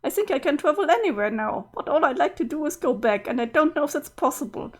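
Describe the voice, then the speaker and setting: A grief-stricken young girl ghost sobs and pleads in a high, swooping voice, as a woman puts her on while reading a webcomic aloud. She breaks into exaggerated "boo hoo" wails and keeps asking to go back. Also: animated, fast talker. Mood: sorrowful.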